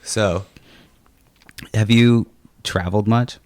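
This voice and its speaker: A man's voice: lowish voice, steady tone, takes it slowly, darkish tone, no echo. A young man co-hosting a podcast, chatting casually and swearing freely while smoking. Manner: laid-back, swears a lot. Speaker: podcast co-host.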